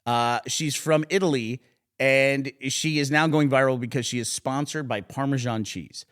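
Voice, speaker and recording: A man's voice: mid-range voice, normal speed, clean tone. A man co-hosting a podcast, telling stories in casual chat and laughing often. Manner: animated storytelling, laughing often, mocking voices for quotes. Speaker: podcast co-host.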